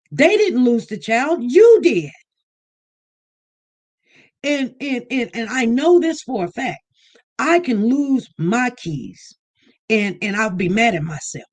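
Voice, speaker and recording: A woman giving casual commentary on a vlog, animated and repeating herself as she mimics other people. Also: a little high. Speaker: online news commentator.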